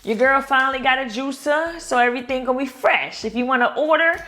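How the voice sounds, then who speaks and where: A woman's voice: high-pitched, fast, sharp tone. Chatty Baltimore woman vlogging. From Baltimore, Maryland. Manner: chatty, addresses viewers as "girl" and "y'all". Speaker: lifestyle vlogger. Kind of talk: casual vlog chat.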